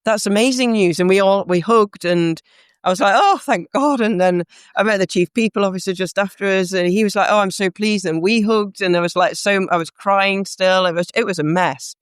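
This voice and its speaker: A woman's voice: mid-range voice, fairly even intonation, fairly quick, clear, resonant tone, dry recording, clean studio sound. A woman guest in a podcast interview, telling a heartfelt, reflective story about her career.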